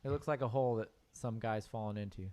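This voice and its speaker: A man's voice: on the low side, fast, dark tone. A man teaching a piano class, joking with his students while he draws notes with a mouse.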